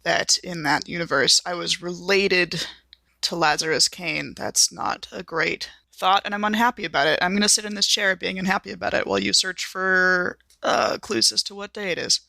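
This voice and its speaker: A woman's voice: fairly low pitch, steady tone, normal speed, gravelly, pushed and bright, no room sound. A woman as a prim, genteel doctor. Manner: polite, proper and hesitant, with many ums. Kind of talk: in-character role-play.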